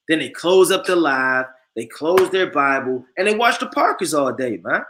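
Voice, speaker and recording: A man preaching a sermon, reading scripture slowly and forcefully and peppering his talk with "man" and "you understand.". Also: a little high, expressive. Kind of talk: street-style sermon.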